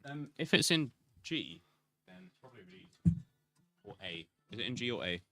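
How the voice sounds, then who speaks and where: Bright-voiced man chatting casually. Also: lowish voice, sing-song, moderate pace. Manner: matter-of-fact, reads labels aloud. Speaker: band member. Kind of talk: casual stream chat.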